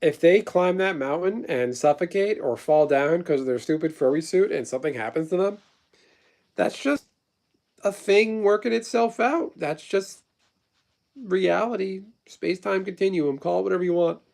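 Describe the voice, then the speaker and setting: Man, 30s, livestream host, higher-pitched voice, blunt rambling delivery with swearing. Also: animated, moderate pace, creaky, a little mellow. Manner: rambling, profane, blunt storytelling; replies to chat messages. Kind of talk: casual livestream chat.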